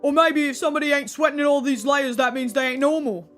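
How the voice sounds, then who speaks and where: A man's voice: extremely high pitch, fairly even intonation, fast talker, fairly bright tone, faint music behind. An actor playing a grumpy, confrontational male stranger in a video game who talks in slang and calls people mate. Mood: combative.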